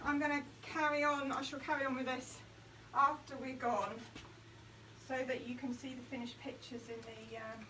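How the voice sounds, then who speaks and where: A woman's voice: high voice, moderate pace, roomy sound. A woman born near Liverpool, chatting and laughing as she paints in a craft video. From born near Liverpool, England. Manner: chatty, laughing, animated storytelling. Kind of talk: casual chat while painting. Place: indoor craft studio, hot room. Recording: distant mic with noticeable background noise.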